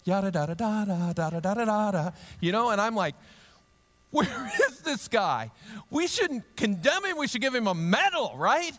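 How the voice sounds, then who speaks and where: A man with a fairly high voice preaches a sermon in a large hall, and his words ring out with a long reverb. He tells the story with humor and acts out its people in voices. He then turns quiet and earnest. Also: lively intonation, a little fast, few pauses. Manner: drops to a low, quiet, earnest tone. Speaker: pastor.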